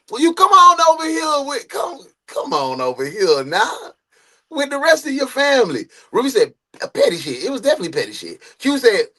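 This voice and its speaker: A man hosts a live true crime reaction stream from a home setup, reading chat aloud and tossing in loud, animated asides. His voice sits high and swings widely in pitch. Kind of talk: casual live stream commentary.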